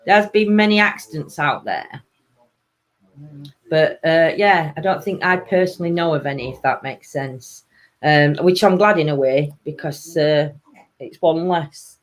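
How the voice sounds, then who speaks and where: Reading viewer comments aloud during a casual live stream, this English host speaks with a Sheffield, Yorkshire accent, laughs frequently and often trails off mid-sentence. The delivery is unhurried, at medium pitch.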